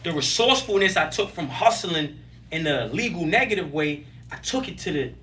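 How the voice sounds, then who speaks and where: High-pitched guy hyped up telling hustle stories on a podcast, bright voice, kinda far from the mic. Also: normal speed, slight background noise. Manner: animated, streetwise slang, emphatic outbursts. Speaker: guest. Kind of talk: casual interview storytelling.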